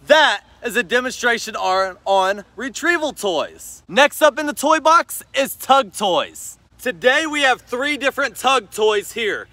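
A man's voice: very high voice, expressive, measured pace, few pauses, sharp tone, no room sound. A man demonstrating dog toys in a casual vlog, explaining in a cheerful way and giving short commands to his dog. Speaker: dog owner and vlogger.

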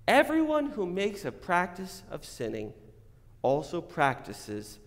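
Earnest pastor preaching in a reverberant church. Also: male voice, sits high, wildly swooping pitch, slow. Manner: earnest, rises to emphatic declarations then drops to quiet reflection. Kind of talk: sermon. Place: church sanctuary. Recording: long reverb of a church hall.

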